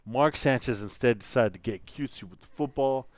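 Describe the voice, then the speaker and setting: A man co-hosting a casual football talk show, recapping plays with lively, dramatic emphasis. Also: mid-range voice, fairly quick, no room sound. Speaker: co-host. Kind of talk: casual sports chat.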